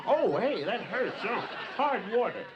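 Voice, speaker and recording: A man voicing a clueless, excitable caveman in a high, wondering, exclamatory voice, on a hissy home tape. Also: normal speed, dull audio. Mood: pained.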